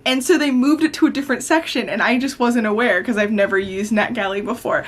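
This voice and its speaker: A woman chatting casually in a reading vlog, laughing often and swinging between calm book recaps and giddy, excited outbursts. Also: on the high side, fast. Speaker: book vlogger.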